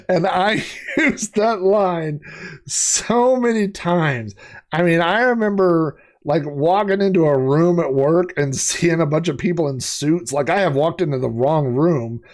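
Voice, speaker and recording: A man's voice: fairly high pitch, a little slow. A man giving casual gameplay commentary, rambling and chatty, with many fillers and laughs at his own jokes. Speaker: let's play host.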